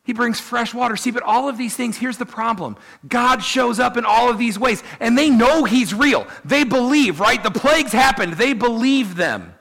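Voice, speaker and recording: A man preaching a sermon, telling the story in an animated way and voicing the people he quotes. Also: very high-pitched, normal speed, creaky, few pauses. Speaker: pastor.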